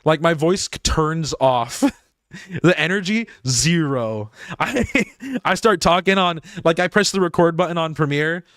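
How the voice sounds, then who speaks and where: A man's voice: fairly high pitch, measured pace, fairly bright tone, no echo, clean studio sound. Rambling young man streamer. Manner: rambling, filler-heavy, laughs often. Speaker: game streamer. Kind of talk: casual live-stream chat.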